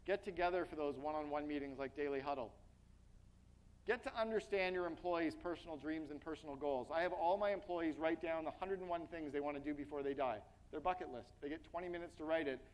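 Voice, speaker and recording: Fast-talking energetic male keynote speaker. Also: fairly high pitch, rough recording. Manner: energetic, blunt, addresses audience directly. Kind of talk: motivational business keynote.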